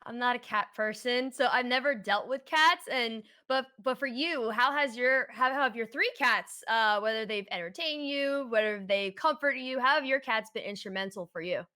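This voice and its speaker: A woman's voice: a little high, moderate pace, few pauses, sharp tone. A woman hosting an interview, chatting in an upbeat way and laughing often. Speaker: host. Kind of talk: casual interview chat.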